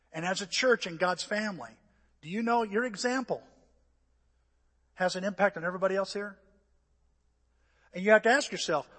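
An older man preaching a sermon, telling stories animatedly and acting out voices and shouts, sounding a little out of breath. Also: high voice. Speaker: pastor. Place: church. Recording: echoey church hall.

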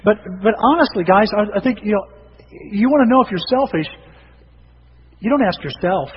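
High-voiced pastor preaching in a hall. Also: male voice, moderate pace, a little hiss or hum. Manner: animated, repeats and restarts words, acts out quoted voices. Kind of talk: sermon. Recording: dull lo-fi sound with long hall reverb.

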